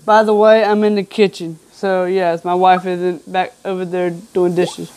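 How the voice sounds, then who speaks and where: A woman's voice: fairly low pitch, level tone, a little slow, a little mellow, clean tone. A woman giving casual gameplay commentary, reading game text aloud with chatty, offhand asides. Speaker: gamer.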